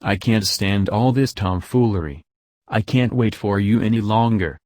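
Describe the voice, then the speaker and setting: A man reading the part of an impassioned young man who pleads slowly and urgently. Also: lowish voice, darkish tone, dry recording, clean studio sound, lightly acted.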